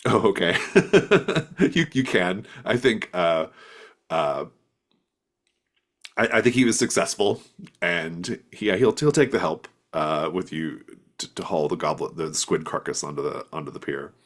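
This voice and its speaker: A man's voice: low-pitched, expressive, a little slow. A man narrating as game master of a tabletop role-playing game, loosely, with lots of fillers. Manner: loose, rambling with many fillers.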